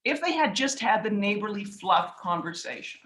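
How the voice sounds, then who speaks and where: A woman's voice: medium pitch, animated, moderate pace, a bit bright, echoey room, rough recording. A woman speaking as an author and investor guest, telling anecdotes in a casual, chatty way, acting out dialogue and using many filler words. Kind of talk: casual storytelling talk.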